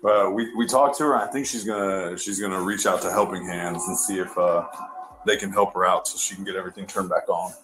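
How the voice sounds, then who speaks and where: A male police officer on duty, speaking calmly, politely and reassuringly. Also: low voice, brisk, low-quality recording.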